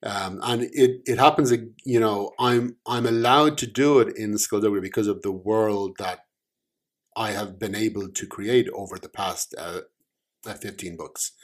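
A man, an author, talking casually about his writing, hesitant and halting with many ums, his voice trailing off softly. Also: on the low side. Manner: soft-spoken, trailing off quietly.

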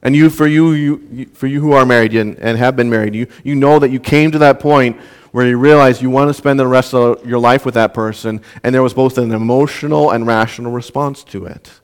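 Young male pastor, sermon delivery, smooth clear voice, mid pitch, earnest with frequent restarts. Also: steady tone, brisk. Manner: earnest, repeats words when restarting.

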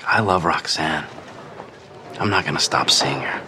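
A nervous, wry young boyfriend. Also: male voice, a bass voice, unhurried. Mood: nervous defiant. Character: young nervous but stubborn boyfriend, dry-witted. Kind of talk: TV drama acting. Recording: TV clip with background noise.

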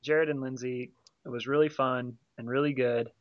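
A man's voice: mid-range voice, steady tone, normal speed, dry recording, dull audio. Easygoing man hosting, dry sound. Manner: easygoing, wraps things up. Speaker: podcast host. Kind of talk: casual chat.

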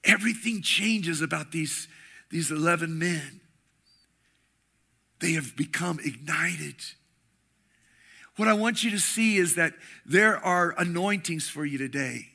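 A middle-aged man preaching a sermon with passion, swinging between shouting and hushed tones. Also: on the high side, a little slow, vocal fry, long pauses. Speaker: pastor.

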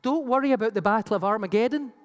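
A preacher giving an animated Bible teaching sermon with slides, acting out the voices it quotes. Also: mid-range voice, fast. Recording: long reverb of a large hall.

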